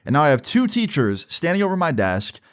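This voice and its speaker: A young man telling a personal story in a casual vlog, animated, with lots of fillers. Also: fairly high pitch, a little fast. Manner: animated, swearing, fillers like "like" and "right". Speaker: vlogger.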